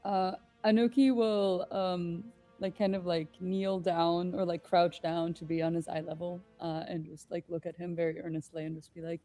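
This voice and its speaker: A woman's voice: fairly low pitch, flat delivery, normal speed, few pauses, warm tone, faint music behind. A woman playing a tabletop game, describing her character's actions casually and with many fillers. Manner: hesitant narration with many fillers. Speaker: player.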